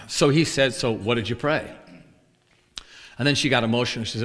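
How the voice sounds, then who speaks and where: Mid-range and at a moderate pace, a man preaching a sermon recounts a story, playing each character in the exchange with animated voices. The sound carries a long hall reverb.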